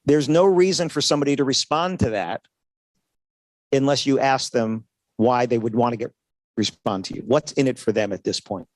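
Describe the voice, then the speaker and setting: A man's voice: medium pitch, normal speed, dry recording. A man giving a sales seminar at a trade show, talking conversationally and often checking in with "right?" while acting out little dialogues. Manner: conversational, keeps asking "right?", acts out dialogues. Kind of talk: motivational sales talk to an audience.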